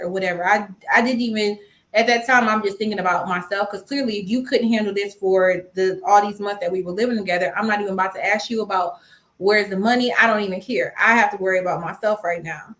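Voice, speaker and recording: A woman's voice: medium pitch, brisk. A young adult woman hosting a live stream on personal finance, telling a story casually and acting out what people said. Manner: animated storytelling, acting out quoted dialogue. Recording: roomy echo.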